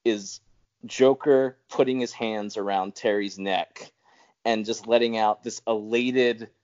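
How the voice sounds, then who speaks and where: A man co-hosting a casual podcast in a lowish voice. He rambles, restarts his phrases and chuckles now and then. The audio is dull and lo-fi. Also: fairly even intonation, takes it slowly, darkish tone. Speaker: podcast co-host. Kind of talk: casual chat.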